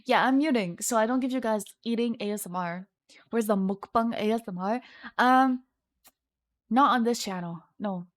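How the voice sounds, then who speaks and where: A woman's voice: a little high, moderate pace. A young woman streaming her art, chatting casually and teasing her viewers as she reads their messages.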